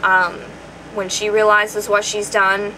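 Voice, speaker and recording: A young woman talks to her camera in an earnest, emotional way, her voice growing quieter as she nears tears. Her tone is bright and forward, and a faint hum of noise sits behind her. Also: mid-range voice, little pitch movement, slow, low-quality recording. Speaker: vlogger answering viewer questions. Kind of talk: personal vlog.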